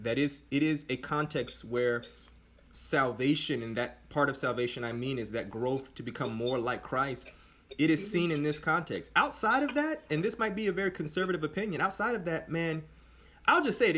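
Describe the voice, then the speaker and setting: A man's voice: fairly high pitch, lively intonation, moderate pace, pushed and bright. Earnest man hosting a podcast. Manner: earnest, speaks from a Christian viewpoint, emphatic. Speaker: podcast host. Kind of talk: casual podcast conversation.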